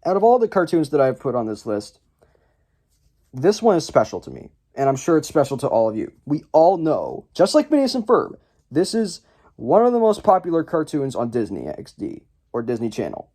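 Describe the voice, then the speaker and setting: Rambling young man with a dark voice. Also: on the high side, huge pitch swings, normal speed. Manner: rambling and chatty, with many fillers and restarts; jokey and self-deprecating. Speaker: YouTube list-video host. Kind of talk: casual talk to camera.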